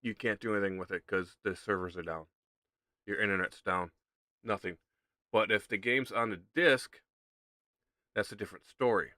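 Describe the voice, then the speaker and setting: A man hosts a casual gaming livestream, chatting straight to his viewers. His voice sits a bit low but sounds bright and forward. He keeps restating his point with easy, conversational emphasis. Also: normal speed, pauses often, dry recording. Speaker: streamer.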